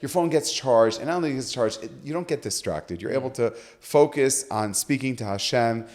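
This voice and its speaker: Animated man telling stories. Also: mid-range voice, normal speed. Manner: lively storyteller, acts out quoted voices. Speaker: rabbi, podcast guest. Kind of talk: animated storytelling in conversation.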